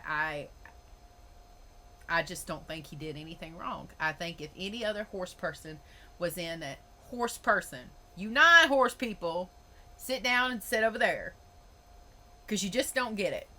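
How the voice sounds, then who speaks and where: A woman's voice: lowish voice, bright, forceful tone. A woman hosting a podcast, ranting in a blunt, emphatic way and swearing freely. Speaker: podcast host. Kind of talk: opinionated podcast monologue.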